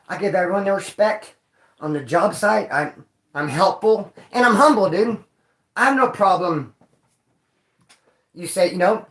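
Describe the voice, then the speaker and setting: A man from Bakersfield, California telling rowdy stories in casual street slang to his viewers, cursing and sometimes yelling. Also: high-pitched. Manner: profane, animated street slang, bursts of yelling. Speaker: vlogger. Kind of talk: casual storytelling to a live chat. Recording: echoey room.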